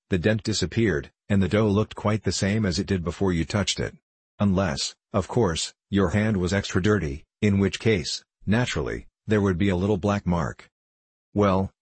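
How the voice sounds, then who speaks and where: Man narrating a story, measured, deep voice, dry close sound. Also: husky, no room sound. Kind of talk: audiobook narration.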